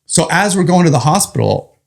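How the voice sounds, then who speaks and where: Here a male firefighter, interviewed as a guest, relates a story with energy, laughing along at the funny parts and cursing casually. His voice is on the high side and creaky, and he talks a little fast.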